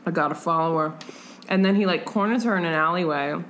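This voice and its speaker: Animated young woman retelling a story. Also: lowish voice, a little hiss or hum. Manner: animated, acts out characters in quick voices; swearing, lots of "like". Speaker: podcast co-host. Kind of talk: casual book chat.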